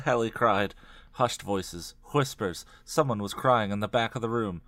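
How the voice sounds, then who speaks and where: A man co-hosting a comedic read-along, reading chapters aloud with offhand, deadpan asides. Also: lowish voice, moderate pace, no room sound. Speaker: co-host reading a book aloud.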